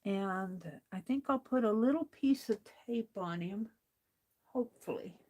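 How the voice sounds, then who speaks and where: A woman's voice: mid-range voice, mellow. A woman hosting a crafting livestream, chatting casually and talking to herself while she works. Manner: slow, chatty, talks to herself while working.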